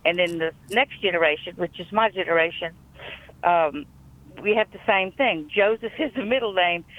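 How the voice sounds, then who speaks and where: A woman with a Louisiana accent, calling in to a talk show and telling a family story in a chatty, rambling way. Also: fairly low pitch. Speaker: caller. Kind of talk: call-in phone chat. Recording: tinny phone line.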